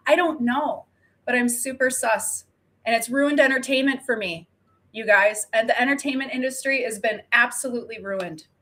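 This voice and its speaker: Bright-voiced chatty woman. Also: on the high side, normal speed. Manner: chatty, animated, swearing, laughs often. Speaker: co-host. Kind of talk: casual chat.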